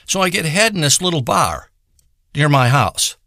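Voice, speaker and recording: A man rants through a crude comedic monologue, boastful and profane. His voice is bright and pushed, a bit above the usual male pitch, and the sound is dry and close. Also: big pitch swings, normal speed, no room sound. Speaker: comedic performer.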